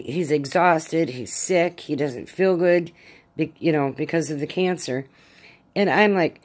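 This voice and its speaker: At home and in pain after arm surgery, a middle-aged woman vlogger rambles through a casual spoken diary full of halting fillers. Her voice sits low.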